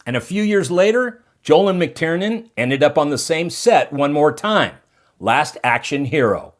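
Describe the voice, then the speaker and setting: A man's voice: a little high, big pitch swings, unhurried. A man narrating a documentary episode in a scripted style, building up each turn of the story.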